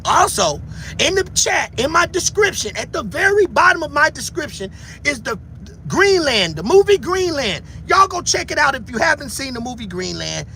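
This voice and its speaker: A man giving heated livestream commentary who shouts, taunts his viewers and keeps repeating a catchphrase. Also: extremely high pitch, sing-song, moderate pace, creaky, a little hiss or hum.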